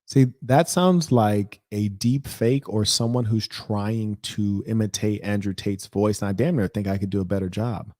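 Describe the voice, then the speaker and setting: A man's voice: on the low side, moderate pace, few pauses, dark tone, no echo, studio quality. A man hosting a reaction video, speaking in an indignant, rambling and emphatic way. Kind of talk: reaction commentary.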